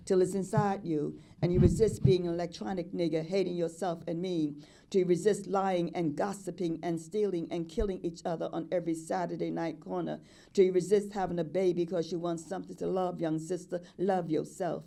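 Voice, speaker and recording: A woman's voice: lowish voice, fairly even intonation, brisk, gravelly, mellow. An older woman performing spoken-word poetry in a rhythmic, incantatory way, chanting repeated refrains. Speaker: poet.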